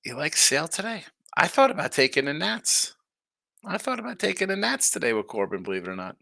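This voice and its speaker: A man hosting a sports betting show, chatting casually and reacting to viewer comments in a lively, tired-but-animated way. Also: a little high, a little fast, creaky, dry recording, studio quality. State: tired, yawning. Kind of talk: casual betting talk reading chat.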